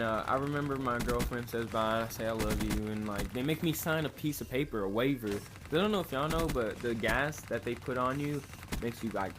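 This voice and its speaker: A young man telling a story to his viewers in a rambling, profane, laid-back way. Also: medium pitch. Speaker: vlogger. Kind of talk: casual storytelling to camera. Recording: noisy home recording.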